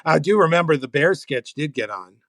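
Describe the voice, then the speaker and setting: A man's voice: on the high side, lively intonation, a little fast, a bit bright, no echo, clean studio sound. A man, a comedy writer, reading an old sketch script aloud and laughing as he goes. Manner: amused, laughing as he reads. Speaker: comedy writer, podcast guest.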